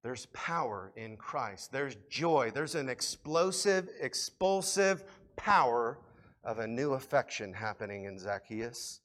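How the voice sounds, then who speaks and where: A man preaching a sermon to a congregation, swinging between loud appeals and quiet reflection. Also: mid-range voice, very animated, takes it slowly. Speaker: pastor.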